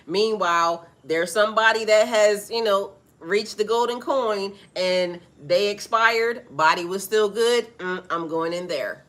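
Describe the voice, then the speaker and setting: A woman giving a casual spiritual monologue to her viewers, profane and animated, laughing often. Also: mid-range voice, a little slow, few pauses. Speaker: spiritual reader.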